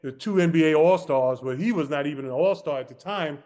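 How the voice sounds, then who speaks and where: A man co-hosting a podcast, telling a lively basketball anecdote and acting out the dialogue. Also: a little high, fairly quick, long reverb tail. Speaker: podcast co-host. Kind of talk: casual storytelling.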